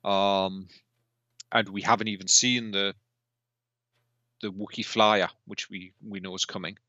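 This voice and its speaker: A man's voice: lowish voice, level tone, measured pace, sharp tone, dry recording, highs cut off. A man co-hosting a podcast in casual chat, asking questions and often restarting his sentences. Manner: chatty, asks questions, trails off and restarts. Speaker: podcast co-host.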